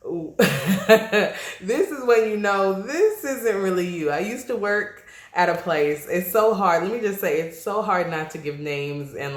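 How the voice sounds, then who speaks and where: A woman's voice: fairly low pitch, reverberant. A Nigerian-born woman raised on the US East Coast, hosting her podcast in a chatty, laughing way and checking in with listeners. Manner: chatty, laughs often, asks listeners "okay?". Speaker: podcast host. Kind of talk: casual solo podcast talk.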